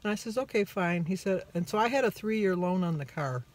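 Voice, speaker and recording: A woman vlogging her weight-loss diary in a casual, chatty way, an animated storyteller who acts out both sides of conversations, upbeat and self-deprecating. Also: fairly low pitch, a little fast.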